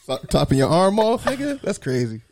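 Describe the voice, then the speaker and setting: A man's voice: sits high, sing-song, brisk, noisy background. A man co-hosting a casual podcast chat, laid-back, bringing up stories straight from the headlines. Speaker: podcast co-host.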